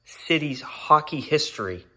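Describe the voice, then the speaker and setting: A man's voice: fairly high pitch, animated, measured pace, pushed and bright. A man talking casually to his channel's viewers, ranting in exasperation and apologizing now and then. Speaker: YouTuber. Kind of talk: casual vlog rant.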